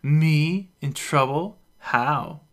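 A woman's voice: sits low, drawn-out words, pitched above the performer's own voice, exaggerated voice. A man voicing a tipsy, giggling young woman who talks in a slurred, singsong way for a story reading.

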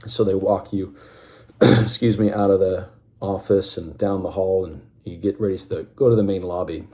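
Deep-voiced man telling a vivid story. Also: moderate pace, dark tone. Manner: dramatic, vivid, speaks to the listener as "you". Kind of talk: vivid second-person storytelling.

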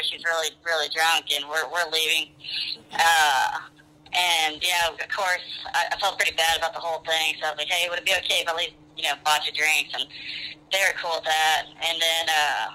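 Guy calling into a radio show, bright tinny phone sound, rambles with tons of uh and like. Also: fairly high pitch. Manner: rambling, lots of "I was like" and "uh". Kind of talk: casual storytelling.

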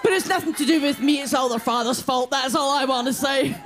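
A woman voicing a rough-talking older mother with a Glaswegian accent, ranting in a brash, mock-tough comic manner. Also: sits high, fairly quick, raised voice, a crowd in the background, background noise, natural voice. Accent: Scottish, Glaswegian.

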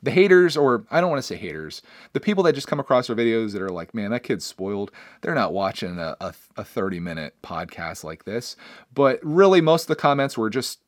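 Casting: man in his thirties, solo podcast host, earnest and rambling, mid-pitched, dry close mic. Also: sing-song, fairly quick, no room sound. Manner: rambling, earnest, many restarts. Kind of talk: casual solo podcast chat.

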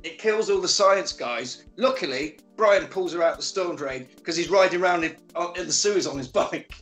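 A man casually recapping a film as a podcast co-host, animated and sweary, acting out characters' lines. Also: high voice, moderate pace, roomy sound, soft background music.

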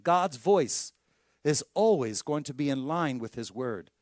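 A man preaching a sermon as pastor, telling stories with lively acted-out voices and dropping to a hushed tone for emphasis. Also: fairly high pitch, unhurried, no echo, clean studio sound. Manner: animated storytelling preacher, acts out voices in anecdotes.

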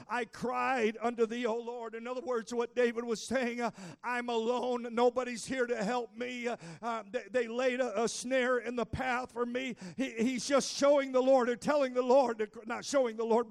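High, gravelly preaching pastor. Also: male voice, little pitch movement, moderate pace. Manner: preaching with rising intensity, frequent "uh" fillers, shouted exhortation. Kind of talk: sermon. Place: church sanctuary.

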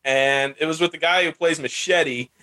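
A man's voice: fairly high pitch, moderate pace, bright, forceful tone. A man hosting a casual chat show, rambling and laughing as he retells scenes. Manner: chatty, laughs while retelling scenes in put-on voices. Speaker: podcast host.

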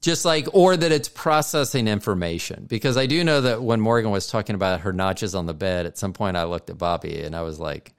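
Middle-aged male host, smooth resonant tone, rambling questioner. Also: fairly low pitch, brisk, hardly any pauses. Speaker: podcast host, father. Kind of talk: casual family chat.

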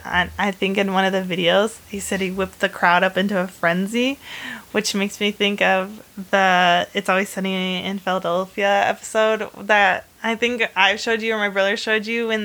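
Female host, mid pitch, bright and sharp tone, chatty rambling storyteller with a playful streak. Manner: animated retelling of history with bursts of humor. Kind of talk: casual chat.

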